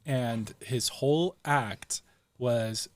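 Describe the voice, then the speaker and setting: A man's voice: mid-range voice, drawn-out words, no room sound. A man co-hosting a casual chat, telling a story with chuckles along the way. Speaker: co-host.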